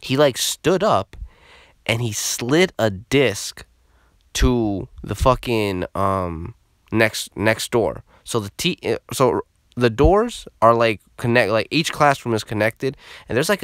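A young man telling a story in a casual vlog, animated and heavy on swearing. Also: fairly low pitch, no echo, studio quality.

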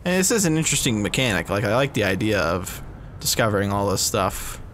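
A man's voice: lowish voice, sing-song, brisk, fairly bright tone, a little hiss or hum. A man hosting a let's play, giving casual gameplay commentary with laid-back, profane, giggly asides.

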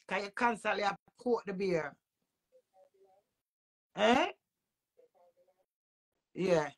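A woman's voice: medium pitch, lively intonation, extremely slow, pauses often. A woman with a Jamaican accent, a vlogger delivering an agitated, repetitive emotional rant full of swearing.

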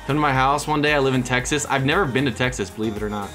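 A young man giving lively, excitable commentary on his own baseball video game, switching between hype shouts and muttered asides. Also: medium pitch, rapid-fire. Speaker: gaming YouTuber. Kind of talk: excited live gameplay commentary. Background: background music.

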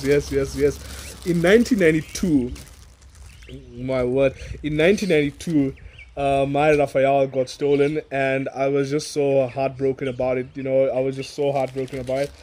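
A man in his thirties from Africa, gushing excitedly in a casual outdoor unboxing vlog, repeating words and laughing often. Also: mid-range voice, slight background noise. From South Africa. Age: 30s. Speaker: toy reviewer. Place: outdoors in a yard.

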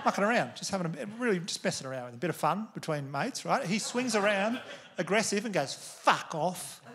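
A man's voice: sits high, very animated, fast talker. A man with an Australian accent doing a stand-up comedy set, telling crude, conversational stories to a live crowd. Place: comedy venue stage. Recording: live venue with audience noise. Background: audience laughter.

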